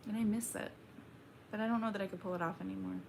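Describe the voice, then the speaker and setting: Woman, young adult, slow laid-back drawl, reading chat and chatting casually on stream, creaky voice. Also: mid-range voice, steady tone, slight background noise. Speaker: livestream host reading chat.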